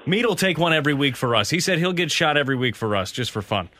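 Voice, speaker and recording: Bright, joking radio co-host man. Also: on the high side, animated, fast, dry recording. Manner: joking, mock-aggrieved. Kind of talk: on-air banter.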